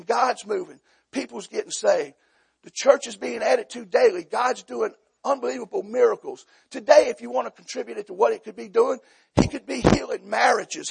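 Man, preacher, high pitched, raspy gravelly voice, folksy storytelling, shouts. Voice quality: gravelly, husky. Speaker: pastor. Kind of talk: sermon with humorous stories.

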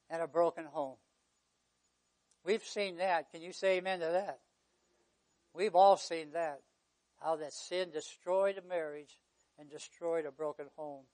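A man preaching a sermon, swinging from near-shouts down to a hush. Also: high voice. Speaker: pastor.

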